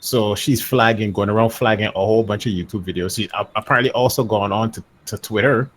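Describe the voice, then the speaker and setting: A man's voice: fairly low pitch, fast talker. A man co-hosting a casual gaming podcast, offhand and joking, swearing for laughs. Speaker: podcast co-host.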